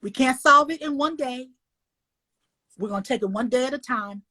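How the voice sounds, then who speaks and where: Older woman, husky and highish, folksy and emotional interviewee on a video call. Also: normal speed. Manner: expressive, folksy, emotional, swings up high when animated. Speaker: children's book author and illustrator.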